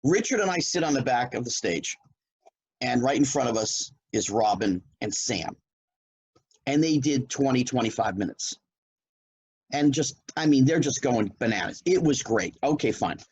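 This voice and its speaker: In a casual chat, a middle-aged former child actor from New Jersey tells a story with animation, acting out what the people in it said. His voice is medium-pitched and slightly rough at a normal speed, and the recording quality is low.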